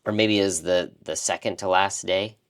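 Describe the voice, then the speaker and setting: A man with a very low, deep voice shares a personal story in casual conversation. He is earnest and reflective. He often slips into the voices of people he remembers talking to. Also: steady tone, moderate pace, a bit bright, clear, resonant tone. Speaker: life coach and podcast co-host.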